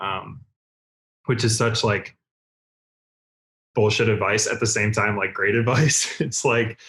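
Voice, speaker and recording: Man, young adult, low-pitched, podcast guest, rambling, lots of fillers, casual. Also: a little slow, long pauses. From Cleveland, Ohio. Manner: relaxed, rambling with many fillers and self-quotes. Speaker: guest, car content creator.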